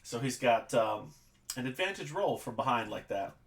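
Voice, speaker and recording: A man narrating as game master of a tabletop game, animated and quick to laugh. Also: medium pitch.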